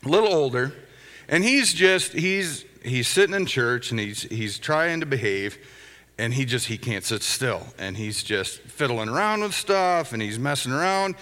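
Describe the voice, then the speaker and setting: Animated and forceful, this middle-aged pastor's bright mid-range voice keeps a moderate pace. He tells stories with chuckling asides in a conversational sermon, and the sanctuary adds long hall reverb.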